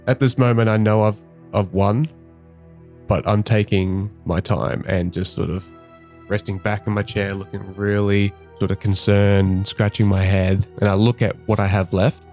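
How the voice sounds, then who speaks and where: Gravelly low-voiced tabletop player. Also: male voice, flat delivery, darkish tone, faint music behind. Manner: unhurried, describing his character's moves. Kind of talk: tabletop role-play.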